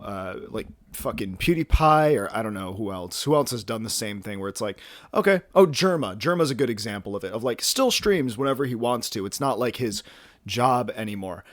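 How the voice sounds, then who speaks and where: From his home, a young man in his twenties records a casual vlog, rambling and teasing himself with constant fillers and restarts. His voice is mid-range and he's slightly breathless. No echo is heard.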